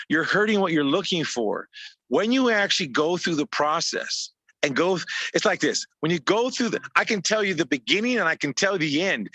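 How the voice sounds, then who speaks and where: Bright, punchy man giving a pep talk. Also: a little high, no echo. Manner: emphatic and repetitive, stacking short phrases. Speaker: business coach. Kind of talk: motivational talk on a video call. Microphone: video call.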